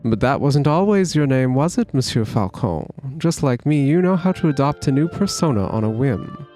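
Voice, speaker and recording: A man's voice: medium pitch, lively intonation, moderate pace, warm tone, soft background music, close to an everyday voice. A man voicing an evasive male bird con man in a game, with a grand, flowery storytelling delivery. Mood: theatrical.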